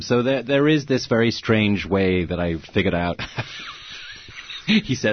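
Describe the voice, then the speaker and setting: Deep husky man telling an animated story. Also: moderate pace, dry recording, lo-fi sound. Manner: animated anecdotes, acting out quoted voices, frequent laughs. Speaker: interview guest, actor. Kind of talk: storytelling in a conversational interview.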